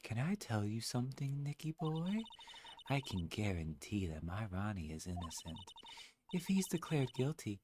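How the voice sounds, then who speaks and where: A man's voice: lowish voice, very animated, normal speed, a little mellow, slight background noise. A man voicing a doting wife in a game with a cooing, put-on French flair. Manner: cooing, sweet-talking, fake French.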